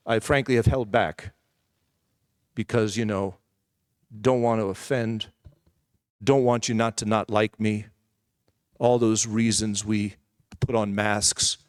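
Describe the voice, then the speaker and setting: A man's voice: fairly low pitch, fairly even intonation, unhurried, pauses often, clean tone, no room sound, clean studio sound. A man preaching a sermon as a personal testimony, telling his story candidly and conversationally with asides to the congregation. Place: church.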